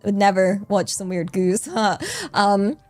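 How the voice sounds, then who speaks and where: A woman's voice: mid-range voice, fairly even intonation, unhurried, darkish tone, soft background music. Playful British woman streamer. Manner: playful, giggly, self-mocking. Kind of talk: casual live-stream chat.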